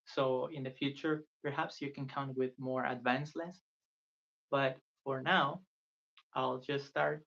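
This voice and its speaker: In a dull lo-fi recording, a Spanish tutor with a mid-range, slightly bright voice teaches a beginner lesson on a live stream. Patient and earnest, he repeats phrases for viewers to copy.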